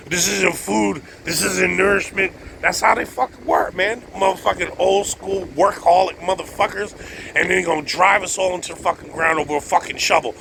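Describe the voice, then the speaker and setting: A man with a somewhat high, gravelly voice and a bright, forceful edge rambles through a profane, excitable monologue. He laughs often as he talks. A faint hum sits behind him. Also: brisk, rough recording.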